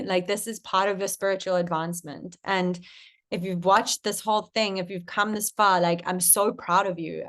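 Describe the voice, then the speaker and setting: A young woman coach giving a casual masterclass to camera, chatty and swearing casually. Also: medium pitch.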